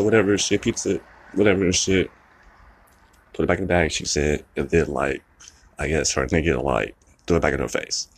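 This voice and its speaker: A man's voice: low voice, a little fast, creaky, husky. A young man venting in a rambling, profane monologue, upset and close to tears, repeating himself often. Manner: rambling, profane, repeats "you know what I'm saying".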